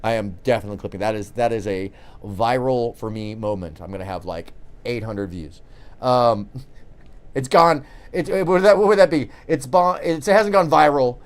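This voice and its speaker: A man's voice: medium pitch, normal speed. A man hosting a call-in commentary show, rambling and joking with frequent restarts. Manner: rambling, jokey, restarts often. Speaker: show host.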